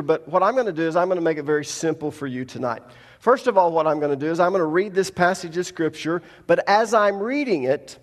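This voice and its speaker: High-voiced pastor in a reverberant hall. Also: male voice. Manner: plain-spoken, explains step by step. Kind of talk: Bible teaching with whiteboard.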